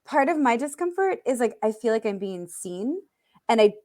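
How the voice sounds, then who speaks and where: A woman's voice: on the high side, big pitch swings, normal speed, mellow. A woman co-hosting a podcast in casual chat, candid and swearing freely. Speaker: podcast co-host.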